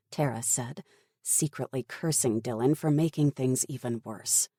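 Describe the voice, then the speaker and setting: A woman narrating an audiobook in a measured, steady storytelling manner. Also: extremely low pitch, breathy edge, dry recording, studio quality. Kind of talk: scripted narration.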